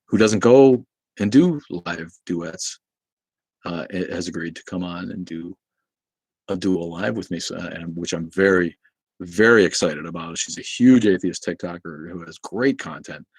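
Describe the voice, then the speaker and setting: A man's voice: low voice, breathy edge, no room sound. A man from Boston hosting a casual livestream, rambling, swearing freely and answering chat comments. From Boston, New England. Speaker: livestream host.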